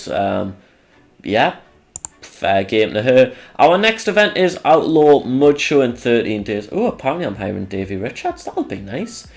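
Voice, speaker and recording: Sarcastic guy with a lively voice. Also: mid-range voice. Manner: sarcastic, rambling, swears freely. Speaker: channel host. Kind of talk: casual commentary over a wrestling sim game.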